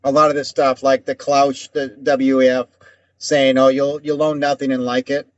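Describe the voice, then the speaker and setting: A man's voice: medium pitch, flat delivery, normal speed, no room sound. A man co-hosting a casual talk show, ranting at length and swearing often. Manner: heated, rambling, swears often. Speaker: podcast co-host. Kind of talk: casual conversation. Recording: dull dry lo-fi sound.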